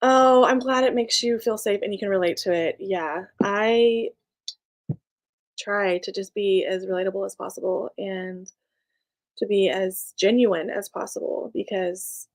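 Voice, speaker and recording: A young woman chatting casually on a live stream, reading viewer comments, bubbly and laughing often. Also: medium pitch. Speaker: small business owner and live streamer.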